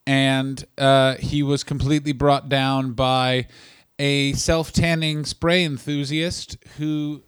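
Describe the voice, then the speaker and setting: A man co-hosting a comedy podcast in casual, profane, rambling chat that swings between loud and quiet. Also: mid-range voice, level tone, slow, clear, resonant tone, dry recording, clean studio sound. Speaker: podcast co-host.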